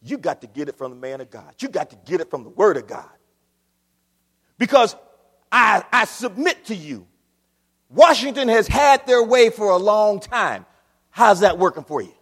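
A male pastor delivers a sermon, dropping into quiet asides and then rising to shouted preaching. His voice sits very high and moves a lot in pitch. It rings out with a long reverb. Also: sing-song, moderate pace, pauses often. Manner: swings from low asides to loud preaching shouts.

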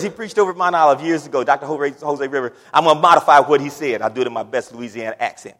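A man preaching a sermon. He swings from quiet asides to shouted emphasis and laughs between points. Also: fairly high pitch, fast, few pauses. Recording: long hall reverb.

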